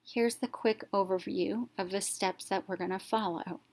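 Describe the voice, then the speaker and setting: A woman teacher narrating a reading lesson, explaining step by step and sounding out letters clearly. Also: mid-range voice, steady tone, normal speed, a little mellow.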